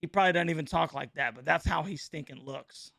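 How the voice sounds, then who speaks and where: A man, hosting a casual live-stream reaction chat in an excitable, slangy way, laughing often and calling everyone bro. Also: on the high side, fairly quick, vocal fry, no room sound, studio quality. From North Carolina.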